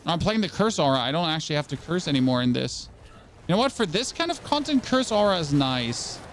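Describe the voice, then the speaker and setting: A man's voice: a little high, sing-song, fairly quick, a little hiss or hum. A young man giving casual gameplay commentary as a streamer, rambling, stammering over his words and asking his viewers questions.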